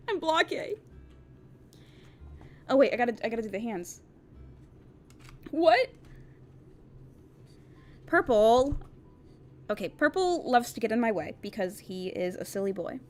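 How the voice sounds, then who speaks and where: Brief: chatty woman streamer, rambling and laughing, very lively pitch. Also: moderate pace, pauses often. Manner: excitable, giggly, rambling with many restarts. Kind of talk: casual game let's-play. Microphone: desk microphone.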